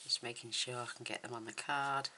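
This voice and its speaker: A woman's voice: a bass voice, fairly even intonation, brisk, pushed and bright, a little hiss or hum. A woman demonstrating a papercraft card in a chatty, enthusiastic, rambling way, with her mouth numb from the dentist. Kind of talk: casual crafting tutorial.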